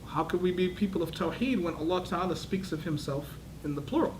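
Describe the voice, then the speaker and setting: A man's voice: a little high, a little fast, hardly any pauses, slight background noise, low-quality recording. A man lecturing a class, asking the students questions and acting out voices to show how tone changes meaning. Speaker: teacher of a class.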